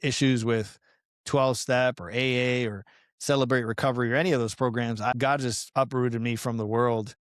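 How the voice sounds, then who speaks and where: A middle-aged man from Colombia, a podcast guest, telling a personal story in an earnest, animated, casual way, often saying "man" and "you know.". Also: mid-range voice, normal speed, clean tone, no echo, clean studio sound. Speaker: podcast guest, pastoral counselor and fitness coach.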